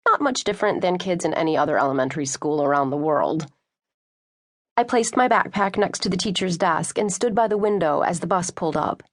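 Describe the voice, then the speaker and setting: A woman narrating a first-person novel as an audiobook, expressive storytelling. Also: lowish voice, a little fast. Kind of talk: scripted narration.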